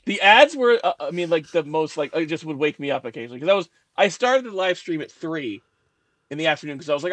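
A man's voice: a little high, sing-song, fast, a bit bright, dry recording. Rambling male guest, full of fillers. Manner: rambling, many fillers, self-deprecating laughs. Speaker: guest writer. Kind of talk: interview.

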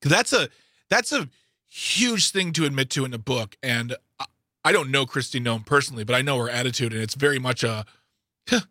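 A man's voice: medium pitch, animated, a little fast, sharp tone, no echo, clean studio sound. A man co-hosting a casual radio talk show, trading sarcastic jokes with his partner. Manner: joking, sarcastic banter.

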